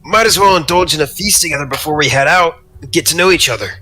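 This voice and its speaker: Brief: laid-back player, sharp bright voice, a little high. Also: male voice, fast, slightly rough. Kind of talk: casual play chat.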